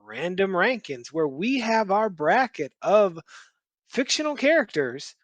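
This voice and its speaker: A man's voice: high-pitched, very animated, a little slow, a bit bright, no room sound. A man hosting a podcast, opening the episode with playful, upbeat patter. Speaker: podcast host. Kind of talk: casual podcast intro.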